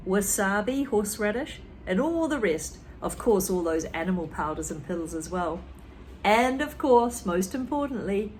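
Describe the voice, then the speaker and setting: Woman teacher, storybook read-aloud, animated lively voice, talks to the class between passages. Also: medium pitch, a little hiss or hum. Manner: lively, expressive, with asides to listeners.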